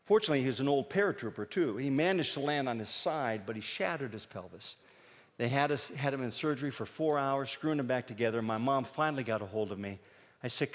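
A middle-aged man from Pennsylvania telling comic stories on stage, jumping up high and loud when he acts out his dad. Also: in a large hall. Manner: animated, shouts his dad's lines in a high voice. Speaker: stand-up comedian. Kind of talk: storytelling stand-up comedy.

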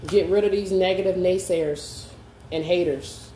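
Warm-voiced woman giving a soothing tarot reading. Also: fairly low pitch, fairly even intonation, unhurried. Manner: reassuring, coaxing, keeps asking "okay?". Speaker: tarot card reader. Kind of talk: spoken tarot reading to camera. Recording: roomy echo, faint background hum.

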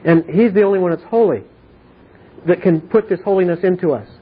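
Earnest man teaching in tinny, husky audio. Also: sits high, fairly quick. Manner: earnest, repetitive explaining with frequent checks for understanding. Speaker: Bible teacher. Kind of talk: informal Bible study teaching.

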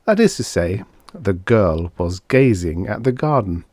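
A man narrating a vintage science fiction story aloud in an expressive, lilting storytelling manner. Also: on the low side, a little slow, no room sound, clean studio sound. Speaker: audiobook narrator. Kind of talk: scripted narration.

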